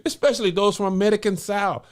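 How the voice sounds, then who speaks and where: A man's voice: high-pitched, quick pace, voice pushed up, close to an everyday voice. A man doing a comedic impression of an actor reading an apology, in a pompous, overblown, drifting British-ish accent. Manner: overblown, pompous, breaking into laughs.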